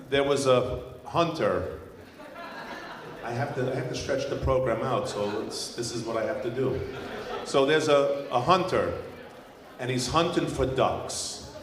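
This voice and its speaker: A man emceeing a show, playful and chatty, telling a joke to stretch the program. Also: medium pitch. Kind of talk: stage announcing and joke telling. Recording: echoey hall through PA from far off.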